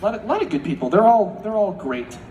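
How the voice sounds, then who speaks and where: Jokey guy on a con panel, bouncy high voice, echoey hall, crowd noise. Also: sing-song, quick pace, warm tone, dull audio. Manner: playful, jokey, slips into silly voices. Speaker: panel guest voice actor. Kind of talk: casual panel Q&A.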